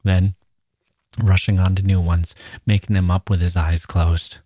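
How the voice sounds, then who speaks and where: A man hosting a podcast, reading a short story aloud in a measured, steady way. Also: low voice, husky, dry recording, studio quality. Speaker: podcast host.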